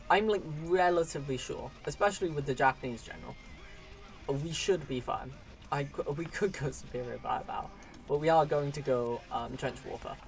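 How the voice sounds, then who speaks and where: A man giving casual, chatty commentary while live streaming a strategy game, laughing often and talking to his viewers. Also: a little high.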